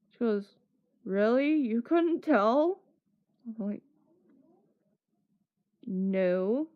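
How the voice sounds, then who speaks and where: A woman tells a story in a slow, unhurried stream chat. Her voice sits a little high, and she slips into the voices of the people she quotes, laughing as she goes. The sound is dull and lo-fi. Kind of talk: casual storytelling.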